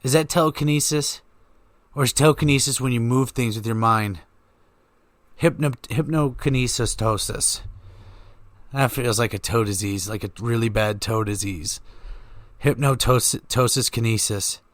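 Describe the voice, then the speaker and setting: An unhurried man with a medium-pitched voice, recorded with no room sound, hosts a podcast. His joking, profane monologue rambles comedically and keeps veering off on tangents.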